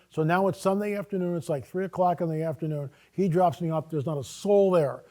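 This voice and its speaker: Animated higher-voiced man telling a story. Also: a little fast. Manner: animated, acts out his own dialogue. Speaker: guest speaker. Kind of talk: casual storytelling on a talk show.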